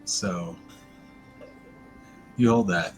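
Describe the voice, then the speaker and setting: A man's voice: low-pitched, very slow, over loud music. A man introducing his tabletop character in a laid-back way. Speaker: player. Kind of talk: casual tabletop chat.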